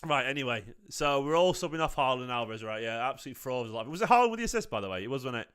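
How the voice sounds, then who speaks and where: A man's voice: medium pitch, very animated, rapid-fire, fairly bright tone, clean tone. A young man hosts a live football watchalong, chatty and prone to laughing fits. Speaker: football fan channel host. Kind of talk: live match watchalong commentary.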